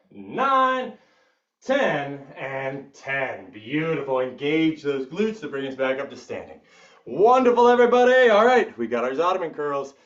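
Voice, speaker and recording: A man leading a live workout class as fitness instructor, counting reps and joking with the class, with bursts of high whoops. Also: a bit bright, far from the mic, lo-fi sound.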